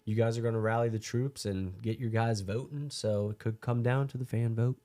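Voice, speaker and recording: A man's voice: medium pitch, steady tone, fairly quick, dark tone. A man co-hosting a casual combat sports podcast, teasing his co-hosts in an easygoing way. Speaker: podcast co-host. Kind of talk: casual chat.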